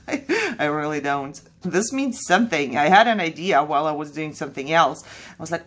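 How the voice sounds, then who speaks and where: A woman's voice: low-pitched, expressive, normal speed, fairly bright tone. A woman hosting a crafting video, chatting casually and laughing at herself as she works at her craft table. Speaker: craft channel host. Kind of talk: casual crafting tutorial chat.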